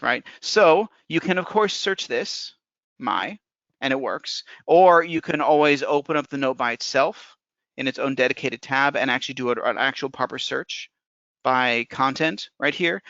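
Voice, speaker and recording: A man, a software developer, walking through a live software demo in a casual, technical way, often thinking aloud. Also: mid-range voice, no room sound. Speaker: software developer presenting a webinar. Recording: dull lo-fi webinar audio.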